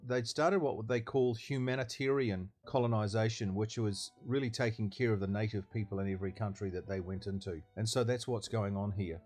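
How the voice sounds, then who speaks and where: A man's voice: mid-range voice, a little mellow. A man presenting a scripted history explainer, emphatic and didactic, reading out quotations from old documents.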